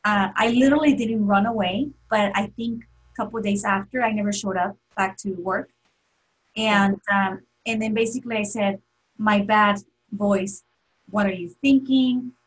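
A woman's voice: medium pitch, fairly even intonation, moderate pace, breathy edge, poor audio. A woman in her forties, a podcast guest, telling a painful personal story in an emotional, candid way with many restarts.

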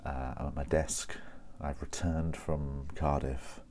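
Very deep-voiced chatty man. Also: little pitch movement, slow pace, a little mellow, slight background noise. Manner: rambling, chatty, self-correcting. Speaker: podcast host. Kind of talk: casual solo chat. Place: at his desk.

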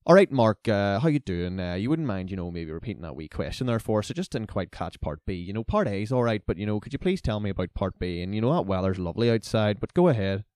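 A man's voice: lowish voice, very animated, fast talker, hardly any pauses, darkish tone, no echo, studio quality. A man voicing a bold, chatty rural male classmate with a thick Northern Irish country accent, rambling through fillers and talking over everyone. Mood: overfamiliar. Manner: rambling, filler-heavy, overfamiliar.

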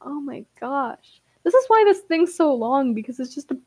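A woman's voice: sits high, very animated, moderate pace, mellow, dry recording. A woman co-hosting a podcast, reading a story aloud and chatting, giggly and teasing. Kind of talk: casual story reading and chat.

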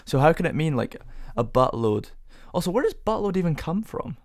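A man's voice: a little high, sing-song, a little fast, a little mellow, dry recording, clean studio sound. A young man hosting a casual solo podcast, rambling through rhetorical questions with self-amused musing. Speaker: podcast host.

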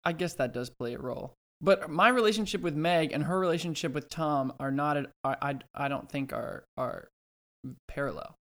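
A man co-hosts a podcast in casual chat, his voice fairly high and fairly bright at normal speed. He rambles and hesitates, restarting often and tossing in dry sarcastic asides.

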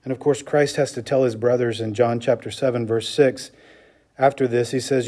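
A man's voice: mid-range voice, fairly even intonation, normal speed, mellow. A man, a pastor, preaching a sermon with emphatic delivery, often checking in with the congregation with "okay?" and "right?".

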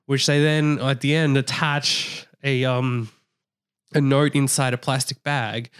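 A man co-hosting a casual podcast, with a smooth, resonant voice at a middle pitch. He laughs often and teases his co-host with crude jokes. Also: level tone, unhurried, fairly bright tone. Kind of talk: casual chat.

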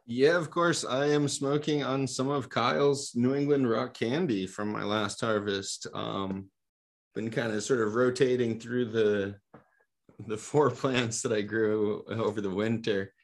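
A man in a casual group chat on a video call, talking in an animated, excitable way. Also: medium pitch, unhurried.

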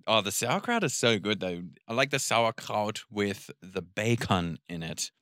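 A man co-hosting a podcast, chatting in a relaxed way and laughing often. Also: lowish voice, unhurried, no echo, studio quality. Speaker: podcast co-host. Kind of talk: casual chat.

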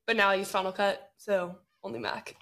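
A woman's voice: mid-range voice, steady tone, fairly quick, creaky, sharp tone. Upbeat young-sounding woman, casual guest. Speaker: tech video creator, podcast guest. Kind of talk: casual chat.

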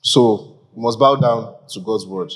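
A man's voice: on the low side, measured pace. A man leading a church Bible-study discussion as pastor, often repeating short phrases to keep order.

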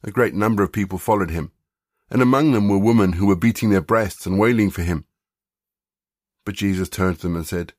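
A man leading a prayer and reading scripture aloud in a measured, reverent way. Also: on the low side, no echo, clean studio sound. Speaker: scripture reader.

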